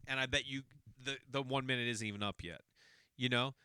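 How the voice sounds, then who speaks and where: Bright, clear-voiced man telling a rambling story. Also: mid-range voice, steady tone, brisk, dry recording, studio quality. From Boston area. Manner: rambling, self-correcting, conversational. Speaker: podcast host. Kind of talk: casual storytelling monologue.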